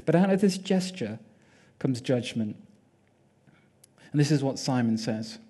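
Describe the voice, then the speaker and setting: A man preaching, retelling a story vividly and dramatically with pauses and repetition. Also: mid-range voice, lively intonation, warm tone. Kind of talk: sermon storytelling.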